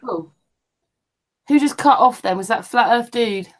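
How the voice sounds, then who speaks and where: A woman's voice: a little high, a little slow, rough recording. A woman hosting a casual online chat, curious and asking guests lots of questions. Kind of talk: casual group call chat.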